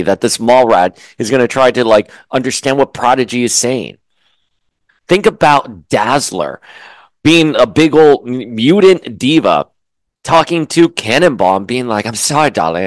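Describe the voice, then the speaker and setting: A man giving a casual, animated and opinionated spoken comic book review, with frequent asides and restarts, eating as he talks. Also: mid-range voice, no echo. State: chewing food while talking.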